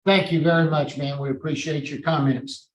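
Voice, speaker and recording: A man chairing a parole board hearing, polite and formal and quick to apologize. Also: a little high, steady tone, echoey room, slight background noise, low-quality recording.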